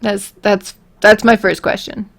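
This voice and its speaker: A woman chats with viewers in a slow, unhurried way, with a gravelly edge to her voice. She rambles, giggles and pokes fun at herself as she takes questions. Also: mid-range voice, flat delivery, a bit bright. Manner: rambling, giggly, self-deprecating. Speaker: streamer answering viewer questions. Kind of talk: casual livestream chat.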